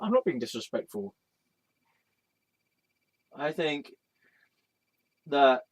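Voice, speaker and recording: A man talking to camera in a loose, meandering monologue. He jokes around and addresses a wall hanging as though it could answer. His voice sits at an ordinary middle pitch for a man. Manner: playful, joking, talks aloud to an image of a deity. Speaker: vlog host. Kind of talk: casual rambling monologue.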